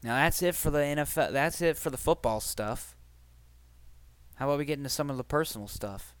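A man's voice: medium pitch, clean tone, no echo. A man hosting a casual solo podcast, rambling and swearing freely as he chats. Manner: rambling, profane, conversational. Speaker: podcast host.

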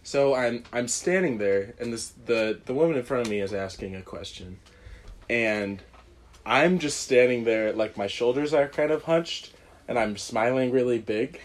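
A man's voice: medium pitch, normal speed. A young man casually telling a rambling, self-deprecating story on a podcast, often laughing. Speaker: guest.

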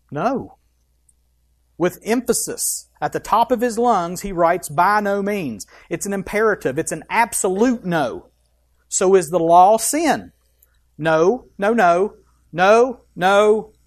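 A pastor preaching a sermon, reading scripture aloud with emphasis and breaking off for quick asides. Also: medium pitch.

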